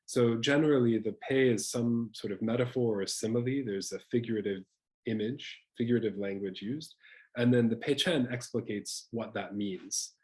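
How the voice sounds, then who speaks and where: A man's voice: mid-range voice, normal speed, darkish tone, low-quality recording. A man giving an academic lecture, explaining patiently with small restarts and fillers.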